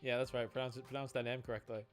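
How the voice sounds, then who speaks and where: A man streaming a game, chatting casually in an excitable way and laughing often. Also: medium pitch, rapid-fire, faint music behind.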